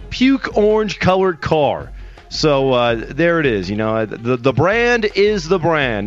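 A man hosting a motorsports radio show, telling stories in a brash, quick way. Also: medium pitch, muffled recording. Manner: brash storytelling, quick bursts. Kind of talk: sports radio talk.

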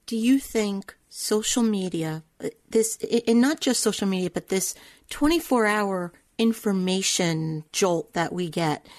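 A woman radio host asks her guest thoughtful, searching questions. Her voice sits at a middle pitch. The sound is dry and close. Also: no echo. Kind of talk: interview questions.

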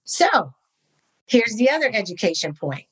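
A woman from Napa, California, chatting as an interview guest. She tells her story with animated enthusiasm, full of casual fillers, in a voice of medium pitch. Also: measured pace, slightly rough, rough recording. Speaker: podcast guest, wine entrepreneur.

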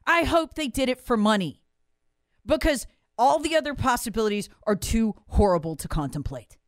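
A woman's voice: fairly high pitch, animated, moderate pace, no echo, studio quality. A woman, hosting and delivering an angry, emphatic monologue full of rhetorical questions. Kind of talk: impassioned monologue.

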